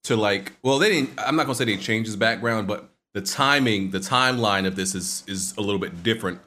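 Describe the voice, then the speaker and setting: Low-voiced man, relaxed and hesitant. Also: fairly quick. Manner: relaxed, hesitant, many fillers. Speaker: podcast co-host. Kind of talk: casual movie chat.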